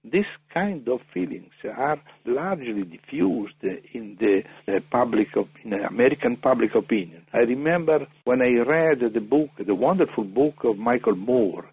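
Gravelly man on a tinny phone line. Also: mid-range voice, animated, moderate pace, hardly any pauses, no room sound. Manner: hesitant, many fillers and restarts. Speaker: interview guest. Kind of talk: phone interview.

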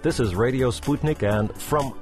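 A man's voice: mid-range voice, normal speed, faint music behind. A man hosting a radio talk show, easygoing and wry. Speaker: radio host. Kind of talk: casual radio chat. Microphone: studio microphone.

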